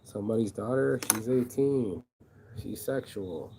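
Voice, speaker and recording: A man's voice: fairly low pitch, unhurried, gravelly, noisy background. A man delivering a rambling, aggrieved vlog monologue, swearing freely and circling back on his own words. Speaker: vlogger and shirt designer. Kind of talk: casual venting monologue.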